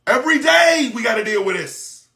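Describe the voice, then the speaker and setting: A man delivering an impassioned, profane monologue, shouting in bursts and firing off mocking rhetorical questions. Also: very high voice, expressive, normal speed, gravelly.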